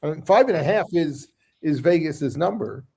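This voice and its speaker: Brief Older male analyst co-host, gravelly tone, measured and hesitant. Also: fairly high pitch, lively intonation, mellow. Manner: measured, hesitant, restarts phrases. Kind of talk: casual sports talk.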